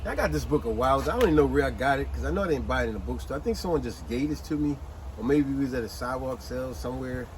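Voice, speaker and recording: A man hosting a casual book review chat, retelling scenes as an animated storyteller with street slang. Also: medium pitch, very fast, slight background noise, low-quality recording. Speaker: host.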